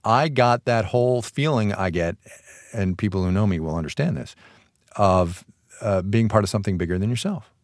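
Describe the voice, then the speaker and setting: Man, co-host, lively pitch, dry studio sound, casual chat. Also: normal speed, no room sound. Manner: animated, laughing, rambling restarts. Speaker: podcast co-host. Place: radio studio.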